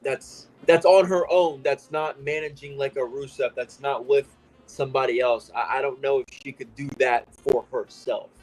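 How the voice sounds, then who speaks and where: A man's voice: mid-range voice, fairly even intonation, normal speed, darkish tone, soft background music, low-quality recording. A man co-hosting a live watch-along in a loose, easygoing way, filling his talk with "like".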